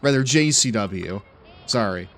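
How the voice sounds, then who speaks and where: A man's voice: lowish voice, lively intonation, measured pace, noisy background. A young man in his twenties chatting casually and laughing while he streams a video game, rambling with lots of fillers. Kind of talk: casual chat while gaming.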